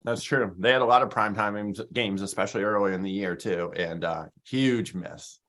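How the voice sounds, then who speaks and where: A man's voice: fairly low pitch, moderate pace, a bit bright. A man co-hosting a sports show, reeling off stats in an upbeat, jokey way. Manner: stat-heavy, upbeat, jokey. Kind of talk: casual sports talk.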